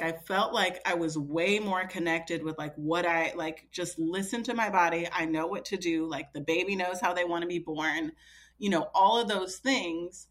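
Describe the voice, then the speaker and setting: A woman in her thirties guests on a podcast, chatting through a personal story full of fillers and quotes of herself. Her voice is fairly low and a bit bright, in a casual storytelling style.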